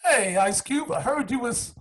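A man's voice: very high voice, expressive, moderate pace, a bit bright, breathy edge, pitched above the performer's own voice, exaggerated voice. A man putting on a scheming male devil who offers a deal, mocking and giggling between lines.

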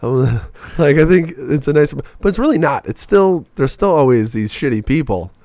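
A man's voice: fairly high pitch, moderate pace, no room sound. Profane rambling young man telling stories. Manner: profane, rambling, animated storytelling. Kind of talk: casual podcast storytelling.

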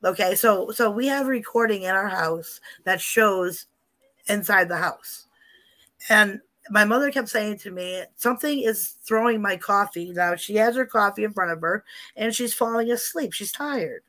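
A woman's voice: mid-range voice, moderate pace, pushed and bright. A woman in casual chat, animatedly telling paranormal stories with lots of repetition and asides.

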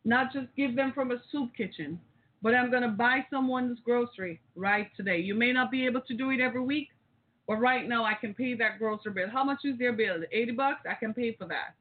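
A woman's voice: a little high, fairly quick. Preachy woman host on tinny audio. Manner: preachy, rousing, addresses listeners directly. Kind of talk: impassioned call-in radio monologue.

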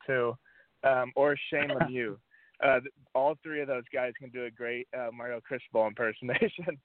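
A man's voice: medium pitch, no room sound. A young male college athlete chatting easily, full of ums and you-knows. His voice sounds dry and close, squeezed through a tinny phone connection. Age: young adult. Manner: relaxed, many fillers. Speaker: college football player guest. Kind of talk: casual interview answers. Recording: dry phone-line audio.

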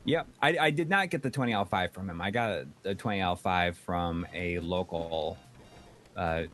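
A man's voice: low voice, moderate pace, a bit bright, soft background music. A man co-hosting a casual chat show, reading out donations, rambling with many fillers and restarts. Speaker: podcast co-host reading donations.

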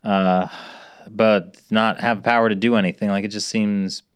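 Low dry guy tossing out blunt jokes and questions. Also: fairly even intonation, moderate pace, clean tone, no echo. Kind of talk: casual chat.

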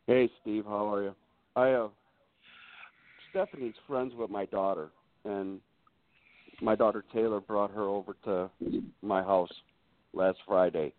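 A man's voice: on the low side, steady tone, measured pace, long pauses, no room sound. A man speaking as a guest on a call-in talk show, plainspoken and repeating himself. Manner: plainspoken, repetitive. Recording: tinny phone line.

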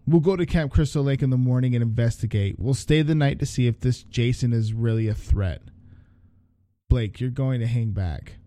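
A man voicing a calm, commanding male boss giving orders. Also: medium pitch, no room sound, clean studio sound, natural voice. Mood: firm. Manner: measured, commanding.

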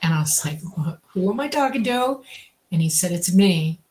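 A woman hosting a talk show, telling her own story calmly with a few fillers. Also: fairly low pitch, moderate pace, slight background noise. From US state of Georgia. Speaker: podcast host. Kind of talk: casual storytelling.

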